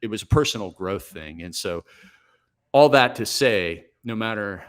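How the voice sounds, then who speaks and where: A man in his forties, a coach guest on a podcast, telling stories in a brisk, energetic, self-reflective way. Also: on the low side. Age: 40s. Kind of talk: podcast interview, storytelling.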